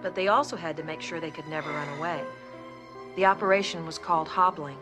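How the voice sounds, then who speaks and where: An actress playing a middle-aged woman who holds a man captive, speaking in a soft, eerily calm and coaxing way. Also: deep voice, fast, natural voice. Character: calm obsessive female captor-nurse, middle-aged. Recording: film clip with music behind.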